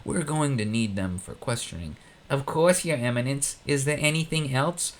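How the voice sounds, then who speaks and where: A man's voice: medium pitch, lively intonation, moderate pace, lightly acted. A man voicing a smug, scheming old emperor who gloats casually. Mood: gloating.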